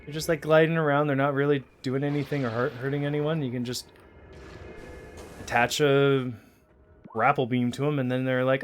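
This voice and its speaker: A man's voice: medium pitch, steady tone, moderate pace, faint music behind. A man giving casual, rambling commentary while streaming a video game. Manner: chatty, rambling, self-deprecating.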